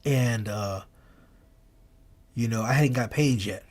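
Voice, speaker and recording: Man, podcast co-host, earnest storytelling, emphatic, medium-pitched voice. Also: takes it slowly. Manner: earnest, emphatic storyteller who repeats key phrases. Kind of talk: casual podcast conversation.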